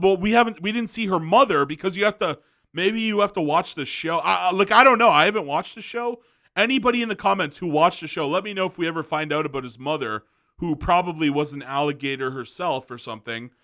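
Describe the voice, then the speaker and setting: A man's voice: fairly high pitch, sharp tone. A young man giving a casual, rambling movie review, often restarting his sentences.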